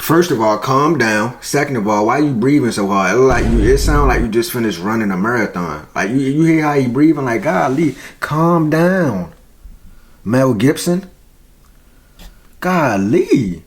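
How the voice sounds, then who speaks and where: A man hosting a reaction channel, talking straight to his viewers in casual, slangy, animated commentary. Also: medium pitch, normal speed.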